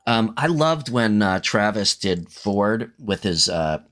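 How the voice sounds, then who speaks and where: Brief: male co-host, animated and profane, lively voice that rises and falls. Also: fairly low pitch, slow. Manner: swearing, animated, hesitant fillers. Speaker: podcast co-host. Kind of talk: casual chat.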